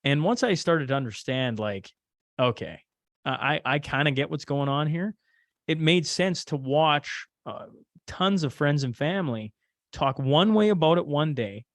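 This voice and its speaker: A man's voice: a little high, lively intonation, a little slow, no room sound, studio quality. A man, a podcast host who talks casually as a guest, rambling with many fillers and restarts. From Canada. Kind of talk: casual conversation.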